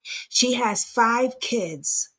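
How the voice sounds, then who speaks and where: A woman's voice: a little high, animated, extremely slow, a bit bright. A woman hosting a commentary channel, chatting casually while reacting to clips.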